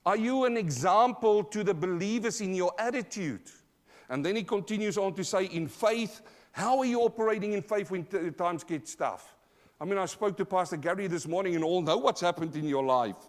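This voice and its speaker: A man with an Australian accent preaching a sermon live in church, emphatic, calling out to the congregation, swinging from loud to quiet. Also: high-pitched, normal speed. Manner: emphatic, call-and-response preaching. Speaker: pastor.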